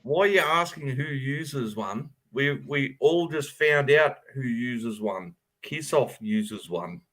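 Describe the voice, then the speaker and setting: A man's voice: mid-range voice, expressive, slow, a bit bright. A middle-aged man chatting casually, laughing often and swearing as he tells family stories. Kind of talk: casual chat.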